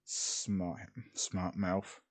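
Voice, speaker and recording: A man's voice: low-pitched, monotone, extremely slow, pitched below the performer's own voice. A man voicing a smug, boastful young male wizard in a fan-made story.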